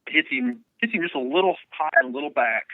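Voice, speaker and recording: A man, a bowhunter guest, telling a hunting story in an excited, casual way. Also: fairly high pitch, quick pace, creaky, no room sound. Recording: phone-like narrow sound.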